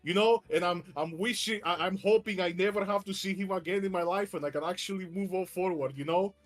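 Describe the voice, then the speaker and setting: A man's voice: sits high, a little fast, fairly bright tone. A man voicing a smug, self-serving young woman heiress who brushes things off in a breezy, dismissive way.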